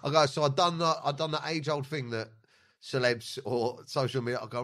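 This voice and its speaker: A fast-talking man tells stories on a podcast, rattling through them at speed. He swears freely and slips into quick voices for the people he quotes. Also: mid-range voice, little pitch movement, fairly bright tone. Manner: swears a lot, acts out quotes in funny voices. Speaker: podcast host. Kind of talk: casual chat, storytelling.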